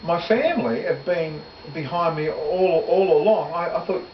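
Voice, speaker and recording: Brief: middle-aged muso, raised voice, rambling, far off in an echoey room with heavy noise. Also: male voice, on the high side, normal speed. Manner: rambling, self-correcting, laughs easily. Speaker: musician and interview guest. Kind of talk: casual reminiscing interview. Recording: echoey, distant, dull, loud noise.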